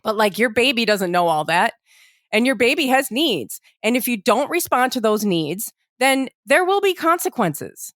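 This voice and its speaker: A woman's voice: on the high side, big pitch swings, moderate pace, fairly bright tone, no room sound, clean studio sound. A woman co-hosting a podcast, explaining things earnestly and emphatically in casual chat. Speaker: podcast co-host.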